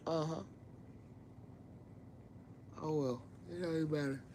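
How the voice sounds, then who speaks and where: Slow-talking woman chatting on a livestream. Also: sits low, a little hiss or hum, rough recording. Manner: animated storytelling with frequent laughter. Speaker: livestream host. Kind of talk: casual livestream chat.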